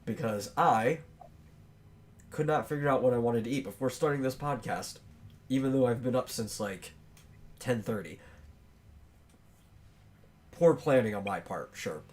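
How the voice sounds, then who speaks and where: A man hosting a casual podcast, thinking aloud as he talks, with many pauses and fillers. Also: mid-range voice, a little hiss or hum. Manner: chews on bread while talking. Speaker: podcast host.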